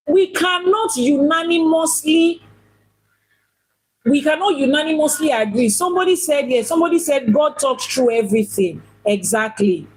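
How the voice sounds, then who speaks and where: In a low-quality recording, a priestess and teacher with a high-sitting voice delivers a teaching talk on religion. She poses questions, repeats points for emphasis, and occasionally mimics other people.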